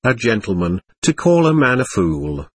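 A man reading aloud the lines of a quick-tempered, stubborn male spirit in a séance record, defiant and threatening. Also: fairly low pitch, big pitch swings, husky, dry recording.

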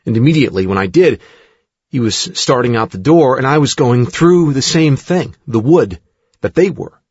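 A man reading the halting first-person account of a woman recalling an abduction, in his own voice. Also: medium pitch, expressive, a little mellow, slightly rough, no room sound. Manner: halting, plain recounting. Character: adult woman recounting an abduction under hypnosis. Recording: dull dry studio recording.

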